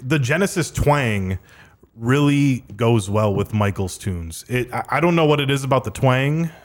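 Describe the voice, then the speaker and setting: Excitable male podcast co-host. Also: medium pitch, unhurried. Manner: enthusiastic, excitable. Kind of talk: casual chat about a retro video game.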